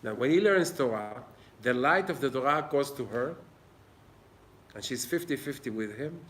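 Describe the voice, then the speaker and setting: A man's voice: mid-range voice, lively intonation, moderate pace, a bit bright, slight background noise. A man giving an informal Torah class in an old synagogue, earnest and plain-spoken. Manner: earnest, plain-spoken, acts out little dialogues. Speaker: Torah teacher.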